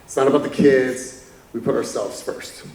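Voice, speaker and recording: A man's voice: mid-range voice, fairly even intonation, moderate pace, darkish tone, distant mic. A man giving a candid motivational talk from a conference stage, chuckling as he tells stories. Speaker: keynote speaker. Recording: echoey hall from afar.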